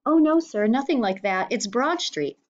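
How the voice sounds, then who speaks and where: A woman's voice: on the high side, lively intonation, moderate pace, pitched above the performer's own voice, natural voice. A woman playing a timid, stammering poor boy. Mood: nervous. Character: poor young London mudlark boy, nervous and polite. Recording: slightly dull lo-fi recording.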